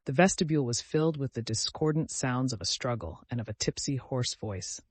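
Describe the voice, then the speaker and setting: Male audiobook narrator, mid pitch, measured, dry booth. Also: no room sound. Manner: steady, measured storytelling. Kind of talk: scripted narration.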